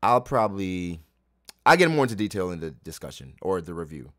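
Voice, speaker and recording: A man's voice: sits low, sing-song, fairly quick, a bit bright. A man hosting a live manga reaction, talking casually and profanely as he thinks aloud.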